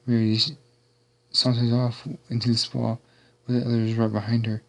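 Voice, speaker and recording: A man casually reading a fan-written story aloud. His delivery is relaxed and unpolished, at an everyday pitch. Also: normal speed.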